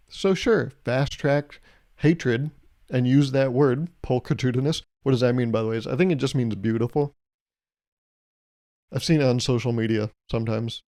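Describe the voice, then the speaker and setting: With a mid-range, dark-toned voice at a moderate pace, a male podcast host delivers a comedic solo monologue. His humor is sarcastic and joking, loaded with rhetorical questions and playful mock advice.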